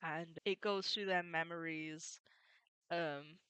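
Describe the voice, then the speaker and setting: A chatty woman walks through a comic volume in a relaxed, casual way, laughing often as she goes. Her voice sits a little low but rings bright and smooth. It is recorded close and dry, with no room around it. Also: slow pace, no echo. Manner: chatty, laughs often, quotes characters in passing. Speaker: manga reviewer. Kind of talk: casual chapter summary.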